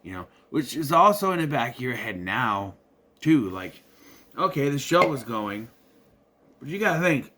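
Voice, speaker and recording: A man's voice: medium pitch, sing-song, moderate pace, background noise. A man from southern Minnesota giving a casual, rambling review of a movie, full of restarts and the occasional curse. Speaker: video reviewer.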